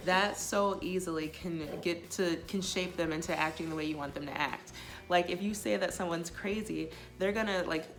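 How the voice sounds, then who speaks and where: Low gravelly woman vlogging relationship advice, says like a lot, faint music under her. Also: fairly bright tone. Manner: chatty, many filler likes, quotes others in passing. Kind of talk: casual talking-to-camera advice.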